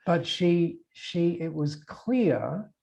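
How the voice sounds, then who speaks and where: An older Australian man speaks as a guest on a podcast, his voice gravelly with a husky edge and a dark, mellow color. He tells his story in an animated way, stumbling over filler words and restarting his sentences as he acts out the conversations. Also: fairly high pitch, drawn-out words, rough recording. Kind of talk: storytelling interview.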